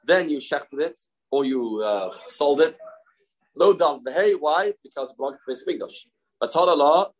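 A man with a Yeshivish accent leads a daily Talmud class, his fairly high voice rising and falling as he questions and answers himself. He drives points home by saying short phrases again and again. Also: low-quality recording. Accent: Yeshivish English. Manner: animated, repeats phrases, asks and answers questions. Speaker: Talmud teacher.

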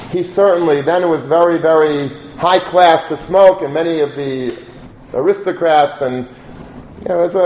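A man's voice: on the high side, a little mellow, a little hiss or hum. A man giving a sermon, conversationally telling a story with quoted voices. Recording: echoey room.

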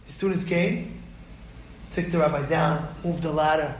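Fiery, high-voiced rabbi in an echoey room. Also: male voice, fairly even intonation, measured pace. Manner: fiery, bursts into shouts, acts out stories. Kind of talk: sermon on the weekly Torah portion.

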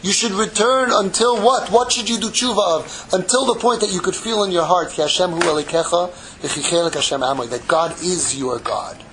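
A man giving an impassioned Torah sermon, mixing Hebrew terms into English and swinging from loud pleading to hushed, intimate tones. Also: high-pitched, fairly quick, slight background noise, low-quality recording. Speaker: rabbi giving a Torah class.

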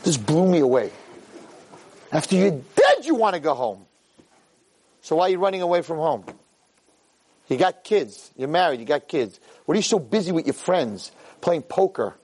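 A man in his fifties giving an animated Jewish ethics talk as a rabbi lecturer, repeating phrases for emphasis and dropping Hebrew and Yiddish terms. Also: normal speed, rough recording. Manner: animated, swings from low asides to high shouted quotes.

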